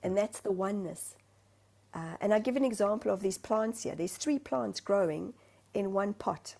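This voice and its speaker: A South African-born woman medium shares her thoughts over a video call. Her voice is gravelly and mellow, and she talks in an earnest, searching way. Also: medium pitch, brisk. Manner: earnest, searching for words, breathy asides. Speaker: spiritual medium, guest. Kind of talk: heartfelt conversational sharing.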